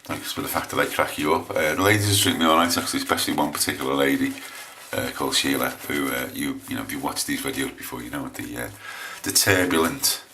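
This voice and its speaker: Very deep-voiced English man, rambling. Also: quick pace, hardly any pauses, bright, forceful tone, a little hiss or hum. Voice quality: low voice. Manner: rambling, hesitant, lots of restarts. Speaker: shaving vlogger. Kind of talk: casual chat while shaving on camera.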